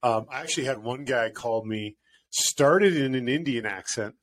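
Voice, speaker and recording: A man's voice: mid-range voice, normal speed. A man co-hosting a podcast, joking and bantering in casual chat. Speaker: podcast co-host.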